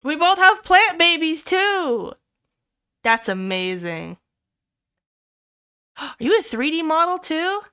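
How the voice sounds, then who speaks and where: A young adult woman streamer chatting casually with viewers, excitable, swearing freely and squealing over cute things. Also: high-pitched, takes it slowly, pauses often. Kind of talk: casual livestream chat with viewers.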